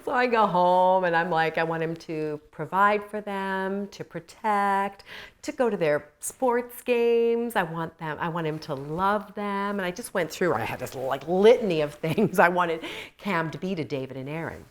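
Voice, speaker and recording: A woman teaching a Christian course for women. She talks the material through and tells stories from her own life with animated energy, laughing at herself along the way. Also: on the low side, measured pace. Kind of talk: teaching talk with personal stories.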